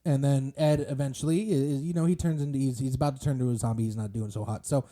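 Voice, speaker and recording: A man's voice: mid-range voice, fairly even intonation, fast talker, dark tone. A man co-hosting a podcast, chatting casually about a movie, rambling with lots of fillers and restarts. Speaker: podcast co-host.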